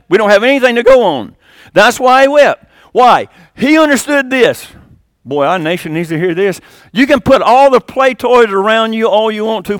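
An older man preaching a sermon as pastor, swinging between loud emphatic lines and quiet, low asides. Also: dry recording, clean studio sound.

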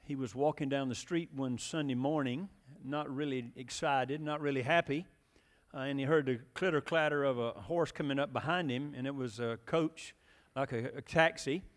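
A man's voice: medium pitch, moderate pace, big-room sound. A man preaching a sermon in a folksy, storytelling way, with many fillers and questions to the congregation.

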